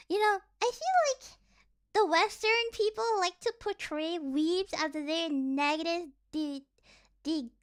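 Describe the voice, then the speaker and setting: A woman's voice: very high-pitched, bright, forceful tone. A young woman streaming and chatting casually. She giggles often, plays around, and keeps tripping over her words.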